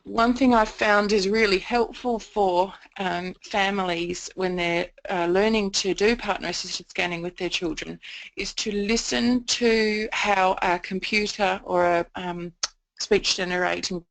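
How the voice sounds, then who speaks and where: A woman's voice: medium pitch, fairly even intonation, measured pace, vocal fry, rough recording. A woman giving a training presentation on communication support, explaining her points at length with frequent "um" fillers.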